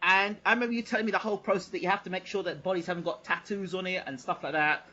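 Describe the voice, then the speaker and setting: A man's voice: high voice, rapid-fire, muffled recording. A British man hosting a casual interview, telling stories with animation and frequent laughter. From United Kingdom. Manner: animated storyteller, laughs often. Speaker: host.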